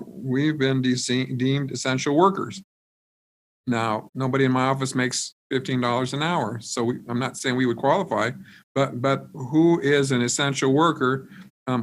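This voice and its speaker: A man, a state senator, speaking remotely in a floor debate, measured and hesitant with many fillers and restarts. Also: medium pitch, a bit bright. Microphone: remote video call.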